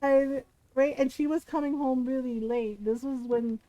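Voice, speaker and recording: A woman streamer telling a family story in casual chat, animated, often laughing and asking "right?". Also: high voice, unhurried, no echo, rough recording.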